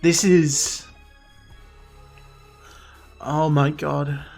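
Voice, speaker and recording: A man hosting a reaction video, gushing with excited fan exclamations in casual commentary. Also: a little high, drawn-out words, creaky. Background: faint show soundtrack music.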